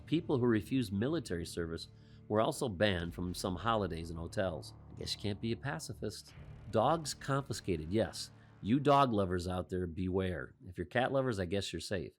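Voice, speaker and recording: Low-voiced man hosting a commentary. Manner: rhetorical questions with wry asides. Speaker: host. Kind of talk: commentary monologue.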